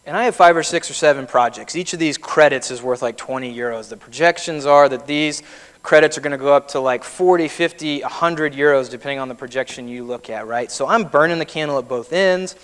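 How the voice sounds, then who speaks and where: A man's voice: a little high, brisk, fairly bright tone, smooth. A man in his thirties giving a keynote speech, telling personal stories in a conversational way. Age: 30s. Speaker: keynote speaker. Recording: long reverb of a large hall.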